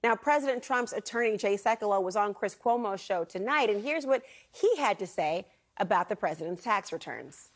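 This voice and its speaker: A woman's voice: medium pitch, expressive, moderate pace. A woman anchoring a television news show, presenting a legal story with pointed, emphatic delivery and rhetorical questions. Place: television studio.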